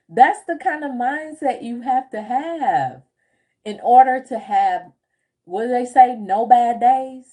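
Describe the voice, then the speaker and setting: A woman's voice: a little high, slow pace, pauses often, dark tone. A woman business coach chatting casually on a livestream, telling stories with frequent laughs and answering viewer comments. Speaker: group home business coach.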